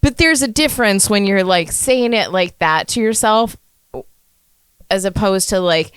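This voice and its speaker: A woman's voice: mid-range voice, a little slow, clean tone, dry recording. A woman co-hosting a casual podcast, candid, swearing casually and laughing easily. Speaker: podcast co-host. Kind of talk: casual chat.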